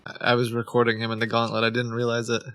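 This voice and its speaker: A man's voice: mid-range voice, monotone, fast talker, fairly bright tone, no echo. A man streaming live, chatting casually into a close desk microphone, joking and laughing often as he talks.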